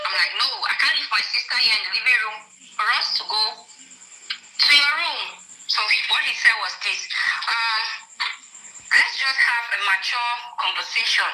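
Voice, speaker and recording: A woman's voice: fairly high pitch, moderate pace, pushed and bright, reverberant, soft background music, low-quality recording. A woman from Cameroon telling a personal story in an interview, often quoting what others said. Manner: recounting, quotes others' words. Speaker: guest telling her story.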